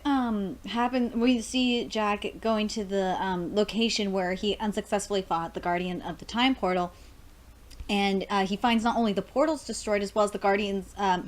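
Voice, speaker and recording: A young woman excitedly reviewing a cartoon episode, laughing often, swearing freely and acting out lines. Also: medium pitch. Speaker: show reviewer.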